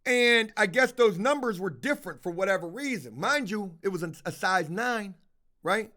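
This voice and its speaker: A livestream host with a high-pitched voice talks at normal speed while telling a rambling, profane story. He keeps it casual and animated, performing both halves of the conversation.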